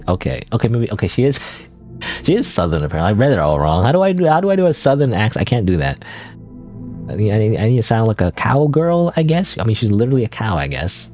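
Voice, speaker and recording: Self-mocking male streamer; lively pitch, mellow tone. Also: quick pace, faint music behind. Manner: rambling, self-deprecating asides with laughs. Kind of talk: let's-play commentary.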